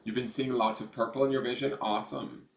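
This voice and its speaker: A man with a mid-range voice talks fast in a flat delivery while giving a casual tarot reading on a livestream. He rambles, chats, and swears a bit, captured on a camera mic in an echoey room.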